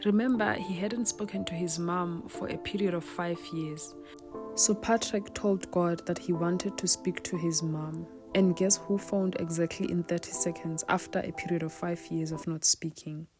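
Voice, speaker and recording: Woman narrator with a lowish voice, earnest and measured, music playing under her. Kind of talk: scripted storytelling narration.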